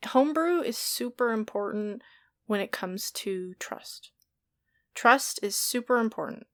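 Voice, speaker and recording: A woman's voice: on the high side, lively intonation, unhurried, a bit bright, no room sound. Giggly, swearing woman telling stories. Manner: giggly, swears freely, rambling storytelling. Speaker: podcast guest, dungeon master. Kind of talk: casual chat.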